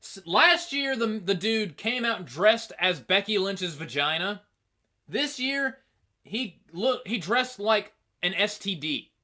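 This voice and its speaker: A man hosting a casual review show, talking in an animated, rambling, profane way. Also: high voice, slow pace. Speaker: host.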